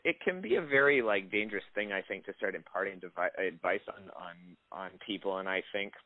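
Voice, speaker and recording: A man's voice: deep voice, fairly quick, no room sound. A young adult man, an actor, answering interview questions in a casual, rambling way with many restarts. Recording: dry tinny phone-line audio.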